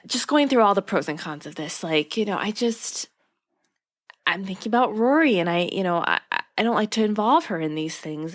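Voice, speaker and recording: Animated woman recapping a show. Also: medium pitch. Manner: animated, acts out characters' lines with laughs. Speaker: podcast co-host. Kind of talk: casual chat recapping a TV episode.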